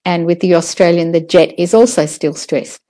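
A woman teaching English word stress in a recorded lesson, patiently modelling each word slowly. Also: fairly low pitch, warm tone. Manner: slow, patient, drawn-out model words. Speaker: pronunciation teacher.

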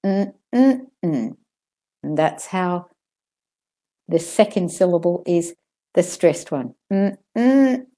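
A woman teaching English pronunciation, carefully modelling words and repeating them slowly. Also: on the low side, fairly even intonation, mellow. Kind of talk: pronunciation lesson.

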